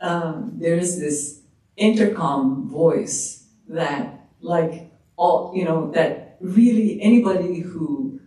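A woman from Iran, an author answering a moderator's question in a measured, reflective way, with frequent fillers and restarts. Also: low-pitched, mellow. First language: Persian. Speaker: author, guest. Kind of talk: storytelling answer in a moderated talk. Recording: echoey room, distant mic.

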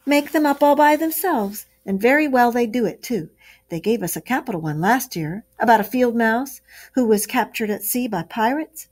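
A woman's voice: fairly high pitch, animated, moderate pace, a little mellow, pitched above the performer's own voice. Eager, homely male mole, fond and friendly, voiced by a woman reading aloud.

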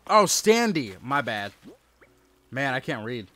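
A man in his thirties chatting casually on a live stream as he plays, reading and answering his chat aloud with quick exclamations at the game. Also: mid-range voice, sing-song, pushed and bright. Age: 30s.

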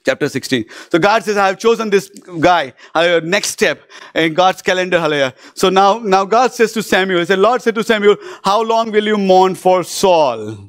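A man's voice: sits high, a little fast, fairly bright tone, dry recording, clean studio sound. Fervent preaching man. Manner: fervent, repeats hallelujah and praise God often; asks isn't it of the congregation. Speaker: pastor. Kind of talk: sermon.

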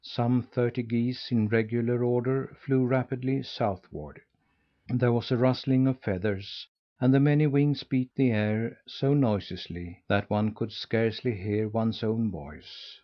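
A man's voice: mid-range voice, measured pace, lo-fi sound. Man narrating a classic storybook. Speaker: audiobook narrator.

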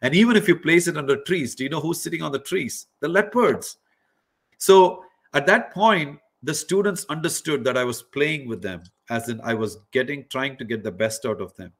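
Animated man lecturing a hackathon workshop. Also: fairly high pitch, moderate pace. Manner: animated storyteller, questions the audience, many fillers. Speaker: workshop host and professor. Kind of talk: interactive online lecture to students.

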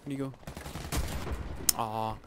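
A man giving live gameplay commentary, excitable and self-mocking, yelping and groaning as he plays. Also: lowish voice, slow pace, very noisy. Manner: excitable, yelps and groans at in-game deaths; self-mocking, joking asides. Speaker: video game YouTuber. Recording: loud game gunfire under the voice.

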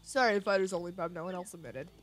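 A woman's voice: on the low side, fast, soft background music, pitched below the performer's own voice, natural voice. A woman voicing a curt male door guard at a fighting arena, reading game dialogue aloud. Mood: gruff. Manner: curt, calls everyone bub.

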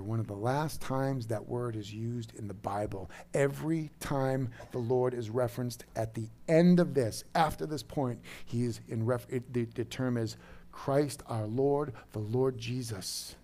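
A pastor in his thirties preaching a sermon, dropping to a soft, low voice and rising to loud, emphatic bursts. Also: unhurried.

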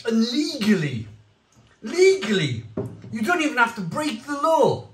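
A man reviewing beer and cheese on his channel, rambling excitedly, with bursts of shouting. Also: very high-pitched, measured pace, roomy sound, recorded from a distance, a little hiss or hum. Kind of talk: enthusiastic tasting vlog.

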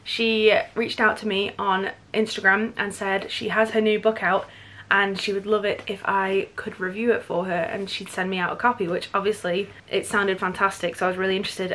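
A woman in her twenties gushes about books she bought in a casual book haul vlog. Her medium-pitched voice has a fairly bright tone, and she is chatty and enthusiastic.

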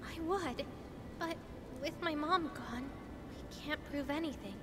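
A woman's voice: a little slow, over music. An actress voicing an earnest, troubled young woman fighter from a resistance group in a video game. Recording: game audio with rumble under it.

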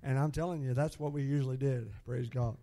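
A middle-aged man with a medium-pitched voice preaches at a brisk clip, spinning stories in a sermon. He's animated, shouting hallelujah again and again and laughing at his own tales.

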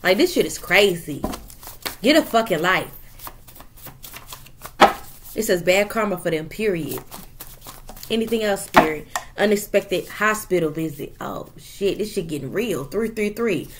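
A woman reading tarot cards for an online audience in loose, casual talk. She curses freely and punches her points with quick checks like "okay?" and a firm "period." Her voice sits at an ordinary middle pitch for a woman. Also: heavy background noise. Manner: animated, profane, emphatic with frequent "okay?" and "period". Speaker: tarot reader.

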